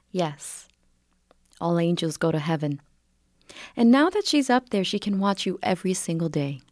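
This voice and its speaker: A woman acting a caring aunt who speaks gently and pleads with her nephew. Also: on the low side, animated, measured pace, pauses often, no room sound, clean studio sound. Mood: gentle. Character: caring aunt, patient and worried.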